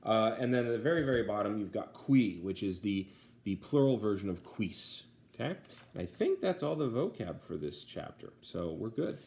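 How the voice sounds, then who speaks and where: A man with a fairly low voice walks through vocabulary like a teacher. He says each word twice, then explains it patiently with plenty of fillers. His delivery is unhurried and explanatory. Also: sing-song, vocal fry, darkish tone. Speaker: Latin teacher. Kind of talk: vocabulary lesson.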